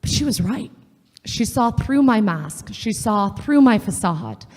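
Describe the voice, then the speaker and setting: A woman's voice: medium pitch, lively intonation, takes it slowly, darkish tone. A woman giving an earnest, conversational faith talk to a live audience at a women's session, telling stories and acting out the quotes in them. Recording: long hall reverb.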